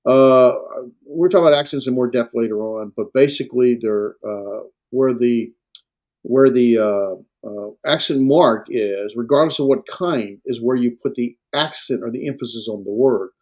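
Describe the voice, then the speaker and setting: A man lecturing on Greek to a class, halting and full of fillers and self-corrections. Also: medium pitch, darkish tone. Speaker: Greek instructor.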